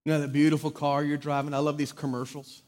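A man preaching a sermon in a large church hall, impassioned, swinging from loud proclaiming to hushed intimacy. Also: on the high side, flat delivery, fast talker. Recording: long reverb of a large hall.

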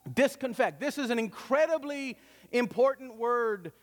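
A man's voice: sits high, normal speed, long reverb tail. A man preaching a sermon to his congregation in a conversational, joking way. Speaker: pastor. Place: church sanctuary.

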